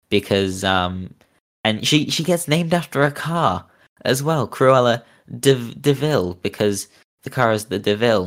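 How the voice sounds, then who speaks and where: A young British man with a neutral accent, co-hosting a casual podcast chat, rambling with lots of fillers and cynical asides. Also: on the low side. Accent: neutral British, neither northern nor southern. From Britain. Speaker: podcast co-host.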